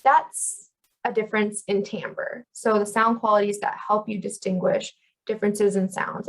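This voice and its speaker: A woman in her thirties explaining ideas as a communication instructor in an educational video, with clear teaching and lively stress on key terms. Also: mid-range voice, rough recording.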